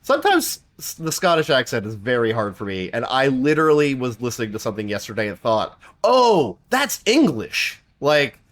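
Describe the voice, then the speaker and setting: A man's voice: sing-song, fast talker, few pauses, fairly bright tone. A man co-hosting a podcast, chatting casually and rambling with lots of fillers. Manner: mimics accents with big pitch jumps. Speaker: podcast co-host. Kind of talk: casual chat.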